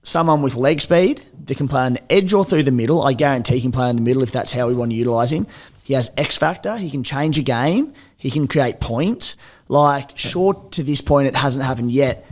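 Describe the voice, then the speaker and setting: A man's voice: medium pitch, a little fast. A man with an Australian accent co-hosting a sports podcast, reasoning through his points in casual chat. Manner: analytical, reasoned. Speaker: podcast co-host.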